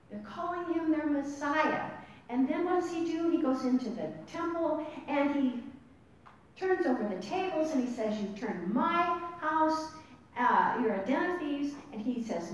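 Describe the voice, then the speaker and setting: A woman teaching a Bible study class, animated and asking her listeners questions. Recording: distant mic in an echoey room with rumble.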